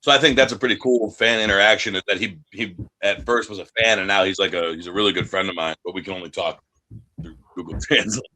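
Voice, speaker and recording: A man's voice: deep voice, fairly even intonation, fast, sharp tone. A man from the United States, an independent wrestler, talking in a casual interview, brash and profane, acting out other people's voices in his stories.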